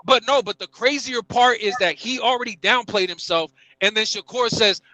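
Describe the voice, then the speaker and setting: Sharp-voiced man stammering through his points. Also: high voice, normal speed, dry recording, poor audio. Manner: stammering, repeats words, animated. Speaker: panelist. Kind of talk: casual panel talk.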